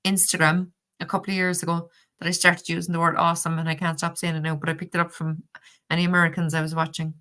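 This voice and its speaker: A woman's voice: on the low side, little pitch movement, quick pace, pushed and bright. A middle-aged woman with a Cork Irish accent, chatting casually on a livestream, telling stories with lots of fillers and restarts. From Ireland. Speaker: livestream host reading tarot.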